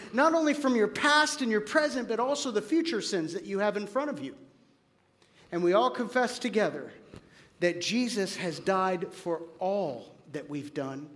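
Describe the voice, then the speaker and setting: A man preaching a sermon as pastor, telling stories with animated acted-out quotes and dropping to a quiet, earnest tone when applying them. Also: sits high. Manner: animated storytelling, acts out quoted voices; drops to quiet, earnest tone for application.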